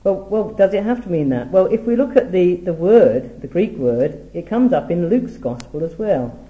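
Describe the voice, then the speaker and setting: A middle-aged man giving a Bible teaching talk, measured and reading scripture aloud with emphasis. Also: high voice, expressive, echoey room, phone-quality sound. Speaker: preacher.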